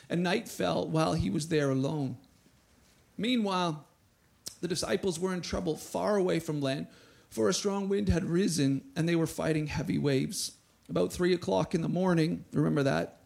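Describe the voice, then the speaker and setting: A man preaching a sermon to a church, reading scripture and acting out quotes with a rising, animated voice. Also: high-pitched, creaky. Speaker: pastor.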